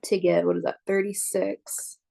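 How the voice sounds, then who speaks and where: A woman's voice: fairly low pitch, little pitch movement, moderate pace, creaky, mellow, no room sound. A woman professor explaining algebra steps aloud as she writes them out, stopping now and then to check in with her students. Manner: thinks aloud while writing, checks in with listeners. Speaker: math professor. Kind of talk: lecture working problems on a board.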